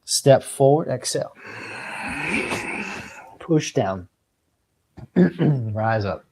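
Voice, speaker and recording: A man teaching a yoga class, cueing breaths and movements in a relaxed way, now and then clearing his throat. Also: medium pitch, drawn-out words. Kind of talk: guided yoga class instruction.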